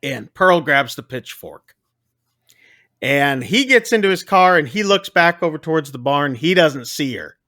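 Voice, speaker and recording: A man co-hosting a podcast, casually retelling a film scene by scene in a rambling, animated way. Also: a little high, a little slow. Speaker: podcast co-host.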